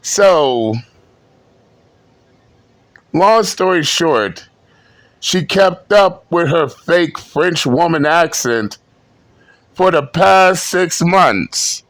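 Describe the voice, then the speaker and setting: A man's voice: a little high, expressive, extremely slow, long pauses, fairly bright tone, no room sound. A man giving blunt, profane, scornful reaction commentary. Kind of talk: mocking commentary.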